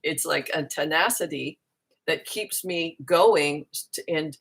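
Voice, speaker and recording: Low-voiced earnest woman teaching spirituality. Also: slow pace, a bit bright, husky. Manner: earnest, musing, circling back on her words. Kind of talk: reflective spiritual talk to camera.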